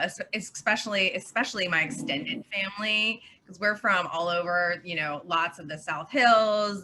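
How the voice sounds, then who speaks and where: A woman's voice: medium pitch, slight background noise. A woman in her thirties from Pittsburgh, a guest chatting casually and articulately in an interview. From Pittsburgh, USA. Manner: lively, articulate, quick to laugh. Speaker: guest, communications consultant and tarot reader.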